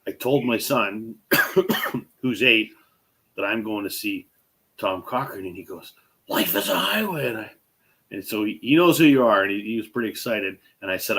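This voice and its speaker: A man hosting a casual chat, retelling a story in an animated way and acting out what people said. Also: fairly low pitch, breathy edge. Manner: animated retelling, acts out quoted speech; fillers and restarts. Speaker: host.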